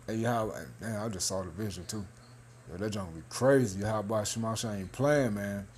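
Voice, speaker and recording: A man's voice: lowish voice, normal speed, darkish tone, a little hiss or hum. A man in casual commentary, reading news aloud and talking loosely, half-joking, with laughs and lots of 'man' and 'hey'. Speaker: religious video commentator.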